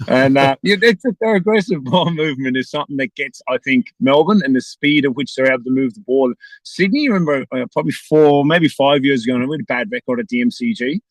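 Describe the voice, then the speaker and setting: Fast-talking Irish man, casual chat. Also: mid-range voice, no room sound, rough recording. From Ireland. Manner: quick, rambling, restarts often. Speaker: guest, former footballer.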